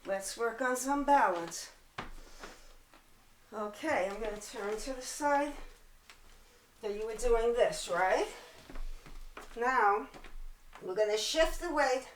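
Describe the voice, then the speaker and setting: A woman leading a pilates workout at home, a little out of breath, calmly cueing moves and counting reps. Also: fairly high pitch, roomy sound, rough recording. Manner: calm counting and cueing while exercising. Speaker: pilates instructor. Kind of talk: guided workout instruction. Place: home apartment.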